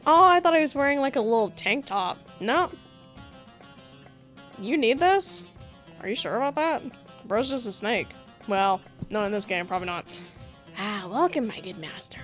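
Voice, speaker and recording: A woman giving playful, giggly commentary while reading a dating-sim game aloud, with sarcastic asides. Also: fairly high pitch. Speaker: gaming streamer. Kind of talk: casual let's-play commentary and reading aloud.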